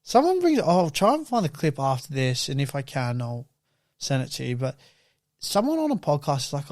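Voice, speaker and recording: Lively man, bright high voice. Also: a little fast, dry recording, studio quality. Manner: animated storyteller, acts out quotes loudly. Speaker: podcast co-host. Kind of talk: casual chat.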